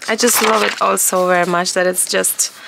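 A woman in her thirties chats casually as she works on a collage, musing aloud and enthusiastic. Her voice has a gravelly morning fry. The home studio recording carries clear background noise. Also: mid-range voice, fairly even intonation, moderate pace. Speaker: collage artist and journal vlogger. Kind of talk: casual chat while crafting.

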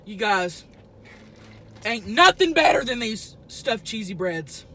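A woman's voice: fairly high pitch, sing-song, slow pace, fairly bright tone, heavily acted. A woman playing a brash, crude trailer-park woman who talks while eating noisily in a car. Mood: boastful. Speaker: mukbang vlogger character. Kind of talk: improvised character comedy. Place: inside a car.

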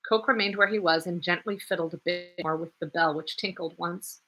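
A woman reading a classic novel aloud in a measured narrating voice. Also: on the low side, fairly even intonation, sharp tone, slightly rough. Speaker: audiobook reader.

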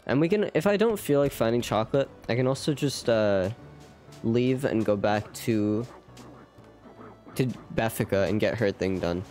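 A young man chats with viewers during a live game stream, rambling along and making fun of himself. He talks at a normal speed in an expressive, a little mellow voice on the low side, while game music plays faintly.

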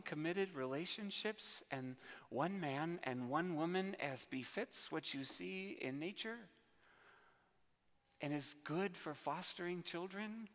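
A man's voice: high voice, fairly bright tone, long reverb tail. A male pastor preaching a sermon with emphasis and vivid everyday analogies, recorded in a church sanctuary.

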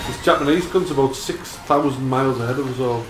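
A man's voice: mid-range voice, fast. A man chatting crudely and rambling while drunk, hosting a gaming session. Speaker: gaming video host. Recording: echoey room with loud game music.

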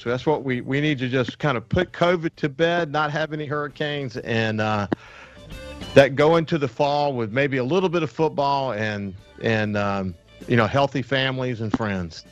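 A man's voice: medium pitch, moderate pace, lo-fi sound, faint music behind. A man hosting a radio talk show, chatting casually with a guest and trailing through fillers. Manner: rambling, with fillers and restarts.

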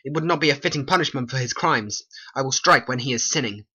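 A performer voicing a brooding, vengeful young prince in an amateur animated play, reading the old verse earnestly. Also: mid-range voice, fast talker, breathy edge, highs cut off. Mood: resolute.

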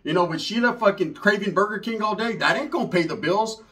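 A man telling a comic story in an animated, profane way, full of street slang and Spanish words. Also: high voice, fast talker. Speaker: comedian storyteller.

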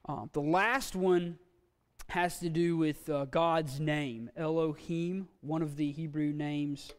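A man teaching a Bible language class in a church classroom, folksy and halting, with frequent fillers and restarts. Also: a little high, steady tone, clean tone. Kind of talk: classroom lecture. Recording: long reverb from a hall.

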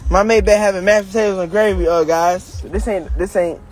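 A man talking in a casual vlog outdoors, excited and repetitive, filming himself on a phone. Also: high-pitched, a little fast, faint music behind. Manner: excited, repetitive street talk. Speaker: vlogger.

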